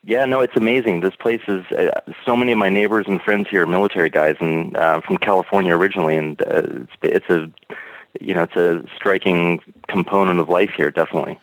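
Low-voiced man rambling on a call-in. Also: steady tone, brisk, rough recording. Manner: rambling, hedging with fillers. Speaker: caller. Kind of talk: casual call-in chat.

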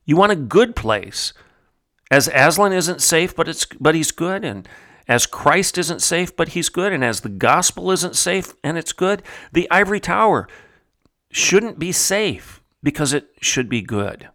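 Emphatic preacherly commentary host. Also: male voice, on the high side, big pitch swings, moderate pace, a bit bright. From Oklahoma. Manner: emphatic, preacherly, repeats phrases for stress. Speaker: podcast host. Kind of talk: commentary monologue.

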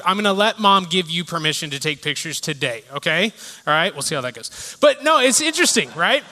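30s guy preaching, high bright voice, storytelling then quiet and reflective, big echoey hall. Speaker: pastor. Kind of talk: sermon. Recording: reverberant hall sound.

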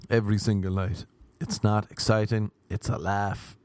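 An Irish comedian and podcast host, ranting in a rambling, sardonic casual chat. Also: male voice, on the low side, little pitch movement, normal speed, a little mellow, slight background noise. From Ireland.

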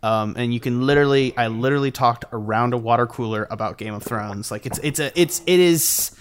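Podcast co-host, male, smooth clear voice, animated and opinionated. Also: mid-range voice, a little fast. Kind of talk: casual chat.

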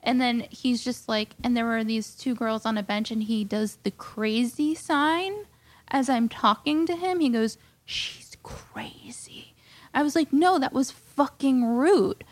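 A woman tells a comic story as a podcast guest, swearing a lot and sounding indignant. Her voice sits a little high. The sound is close and dry, with no room echo. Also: normal speed. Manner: profane, animated and indignant. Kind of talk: comedic storytelling rant.

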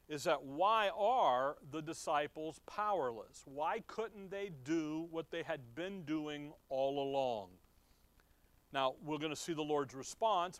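This middle-aged man, a preacher, has a fairly high-pitched voice captured with no room sound. He works through the Bible conversationally, reading passages out and questioning the people listening.

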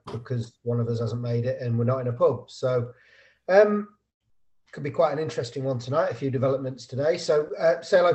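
A man's voice: medium pitch, a little mellow. Man hosting a video-call chat. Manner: laughs often, chatty. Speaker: podcast host. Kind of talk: casual chat. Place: at home.

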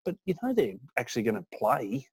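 A man's voice: medium pitch, sing-song, fairly quick, gravelly, breathy edge, dry recording. An Australian man hosting a casual sports chat, rambling with restarts and casual swearing. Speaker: podcast host.

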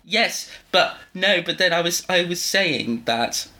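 A man's voice: sits high, expressive, slow pace, pushed and bright. A man co-hosting a podcast, talking in rambling, self-interrupting casual chat. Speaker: podcast co-host.

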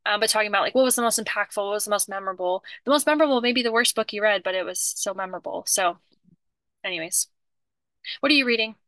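A woman's voice: medium pitch, fast, pushed and bright, dry recording. A woman co-hosting a podcast in casual chat, talkative and often restarting her sentences. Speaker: podcast co-host.

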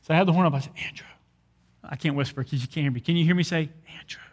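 Pastor guy preaching, kinda high voice, tells stories with voices, big echoey hall. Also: very fast, breathy edge. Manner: animated storytelling, acts out quoted dialogue. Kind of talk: sermon.

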